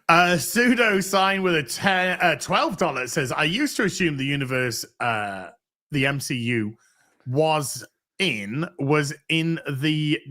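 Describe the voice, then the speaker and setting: A man hosts a casual chat, reading viewer messages aloud. His voice is bright and a bit raised in pitch, and his delivery stays dry and offhand. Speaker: podcast host reading donations.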